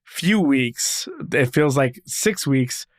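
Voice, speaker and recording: A man's voice: medium pitch, lively intonation, slow pace, dry recording, studio quality. A man co-hosting a podcast in casual sports chat, enthusiastic and playful, often repeating words as he talks. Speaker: podcast co-host.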